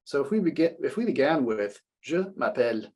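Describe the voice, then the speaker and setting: Husky-voiced man teaching French. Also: fairly high pitch, sing-song, darkish tone. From United States. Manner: explanatory, repeats French phrases slowly then translates. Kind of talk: classroom language lesson.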